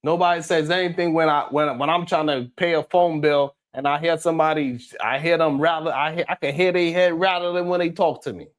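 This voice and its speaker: Man, fairly high voice, live-stream host, blunt, heated, swears a lot. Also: steady tone, a little fast, few pauses. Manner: blunt, heated and profane, scolding chatters. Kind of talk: casual live-stream talk reading chat.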